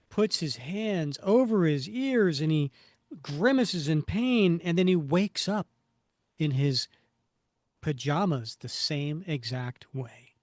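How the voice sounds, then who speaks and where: A man's voice: a little high, animated, slow, a little mellow, dry recording, studio quality. A man co-hosting a comic book fan podcast, describing panels with enthusiasm and reading lines aloud. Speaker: podcast co-host.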